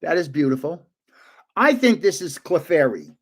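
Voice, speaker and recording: An older man casually opening trading cards on a live stream, chatty and excitable, guessing aloud and laughing often. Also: on the high side, normal speed. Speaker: card-opening vlogger.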